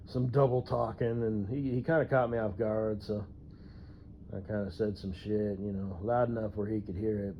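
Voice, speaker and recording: A man's voice: on the low side, slight background noise. A man who drives trucks, ranting casually about a coworker, profane and rambling, chuckling to himself. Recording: dull lo-fi recording.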